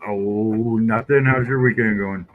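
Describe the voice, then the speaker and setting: A man's voice: lowish voice, fairly even intonation, a little slow, phone-quality sound, slight background noise. A man co-hosting a casual podcast, asking easygoing questions and rambling with casual cursing. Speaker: podcast co-host. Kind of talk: casual chat.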